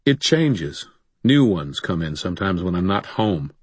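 A man's voice: low-pitched, big pitch swings, measured pace, breathy edge, no room sound, full character voice. A man voicing a sardonic young man who speaks in a wry, mock-scandalized way.

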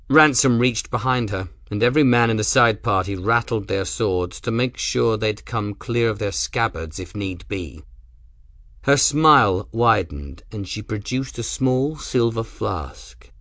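A man narrating an audiobook in a measured, even storytelling manner. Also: on the low side, dry recording, clean studio sound.

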